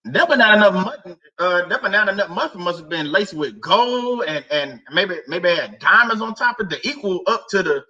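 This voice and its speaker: Man, livestream host, raised pitch, laughing, slangy casual talk, slightly distant mic. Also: expressive, normal speed, few pauses, pushed and bright, highs cut off. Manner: laughing, joking, slangy and repetitive. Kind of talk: casual livestream chat to viewers.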